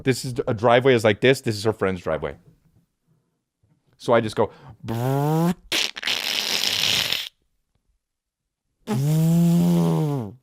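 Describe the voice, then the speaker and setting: A man's voice: lowish voice, fairly quick, pauses often, no room sound. A man in his thirties tells a comic story with plenty of swearing, his voice lifting and dropping all over the place. He sits close to the mic in a dry, dead room. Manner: profane, animated, acts out voices. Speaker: podcast host, comedian.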